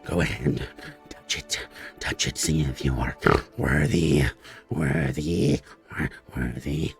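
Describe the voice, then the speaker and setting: A man voicing a hulking, drooling giant knoll who speaks in slow, broken sentences in a tabletop game. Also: faint music behind, heavily acted. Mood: hungry. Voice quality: deep gravelly broken speech.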